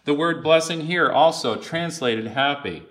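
A man preaching a sermon to a gathered assembly, deliberate, with occasional fillers and restarts. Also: a little high, a bit bright.

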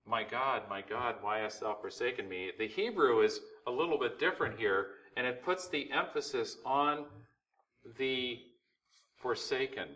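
Male preacher, sermon delivery, sharp bright tone, recorded from a distance. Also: medium pitch, expressive, a little slow. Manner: preaching with rising and falling intensity, rhetorical questions. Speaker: pastor.

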